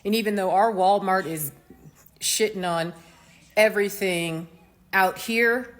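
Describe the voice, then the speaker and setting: In a casual opinion monologue, an American woman commentates in an animated, mocking way, tossing in slangy asides. Her pitch is medium and her pace unhurried.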